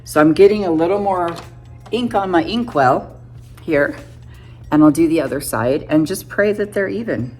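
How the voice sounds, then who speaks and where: A woman in her fifties with a notably low voice chats her way through a makeup tutorial, narrating every step as she goes. She is casual and a bit self-deprecating, and soft music plays faintly behind her. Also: lively intonation, normal speed. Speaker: beauty vlogger.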